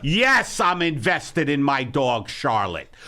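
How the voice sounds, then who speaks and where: A man in his sixties with a New York accent, hosting a comedy podcast in a ranting style that swings into shouting. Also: mid-range voice, big pitch swings, takes it slowly. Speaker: podcast host. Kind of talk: comedic rant.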